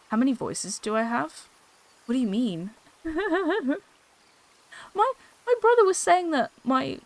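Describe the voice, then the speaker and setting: On an old desktop mic, a bubbly woman makes casual chat during a gaming stream, laughing a lot and cursing freely. She has a mid-range voice with vocal fry.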